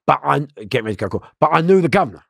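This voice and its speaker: Gravelly man telling a story. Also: on the high side, very animated, racing, fairly bright tone, no room sound, clean studio sound. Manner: swearing freely, acts out other people's lines. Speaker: interview guest. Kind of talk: animated storytelling.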